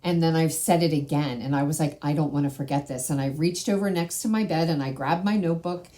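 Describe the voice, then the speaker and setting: A woman's voice: sits low, fairly quick, warm tone. A woman host sharing a personal spiritual testimony in a conversational way, often asking "right?".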